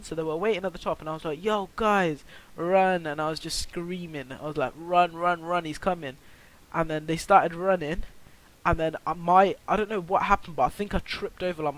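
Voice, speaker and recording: A teenage boy recounts a story for his vlog, slightly high in pitch. He rambles, restarts often, packs in fillers and swears freely. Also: rough recording. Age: teens. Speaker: vlogger.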